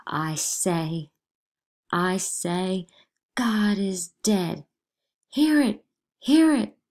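A woman's voice: on the low side, fairly even intonation, unhurried. A woman reading a play aloud, voicing a desperate, defiant middle-aged farmer who speaks with impassioned force. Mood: furious. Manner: impassioned, shouting.

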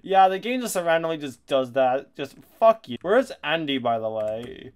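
Excitable man doing casual game commentary. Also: on the high side, normal speed, smooth. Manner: excitable, laughs and swears often. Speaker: gaming YouTuber.

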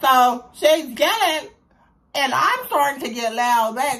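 This young woman's voice is high-pitched and husky, and she takes her time recounting a school-days story to her viewers. The telling is casual, animated, and slangy.

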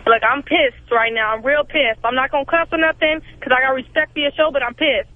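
A woman's voice: sits high, fairly even intonation, brisk, dry recording. A woman from Brooklyn calling a radio show, brash, agitated and streetwise. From Brooklyn, New York. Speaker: caller. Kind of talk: phone-in call. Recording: tinny phone line, dry.

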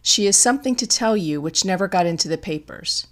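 Brief: cool, decisive young lady sleuth, voiced by a woman narrator, measured. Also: fairly low pitch, expressive, lightly acted. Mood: firm. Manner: measured, firm.

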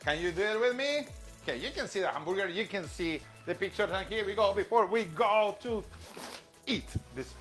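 High, lively man teaching rhythm. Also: normal speed, faint music behind. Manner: enthusiastic, encouraging, chanting rhythm words. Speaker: music teacher. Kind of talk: live online music lesson while cooking. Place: home kitchen.

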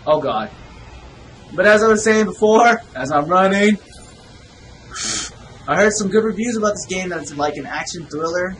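A young man giving casual, excitable, profane let's-play commentary, shouting reactions at a game. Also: high voice, normal speed, long pauses, slight background noise, low-quality recording. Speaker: gaming video host.

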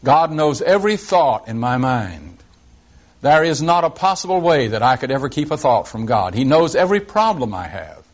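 A mild-mannered male preacher delivering a sermon, speaking slowly and deliberately and reciting scripture in measured tones. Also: medium pitch, sing-song.

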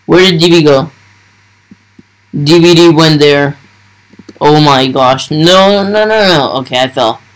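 A young man giving excited, starstruck commentary over his gameplay, full of breathless exclamations. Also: fairly high pitch, measured pace, pauses often, poor audio. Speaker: gaming YouTuber.

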